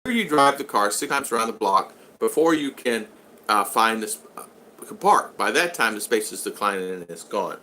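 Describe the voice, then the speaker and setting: Older man, bright rambling chat. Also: lowish voice, animated, moderate pace, a little hiss or hum. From United States. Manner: rambling, reads out viewer comments. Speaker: vlog host. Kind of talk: casual live-stream chat.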